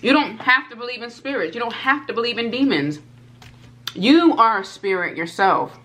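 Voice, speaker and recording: A woman vlogger telling a personal story to her viewers, animated and repeating herself, talking straight to the audience. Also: on the high side, normal speed. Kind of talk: storytime vlog.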